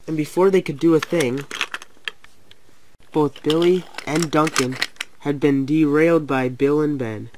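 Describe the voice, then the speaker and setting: A man's voice: a little high, measured pace, pauses often, darkish tone, a little hiss or hum. Young man narrating toy train stories. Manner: reads every character in lightly shifted voices. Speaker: narrator and voice of all engines. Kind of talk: fan toy-train storytelling.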